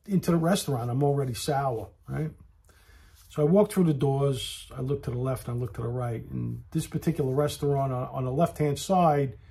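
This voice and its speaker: Husky man ranting a story. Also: a little high, mellow. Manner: aggrieved, talks straight to the listener, repeats himself. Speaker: vlogger telling a story. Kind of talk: casual storytelling rant.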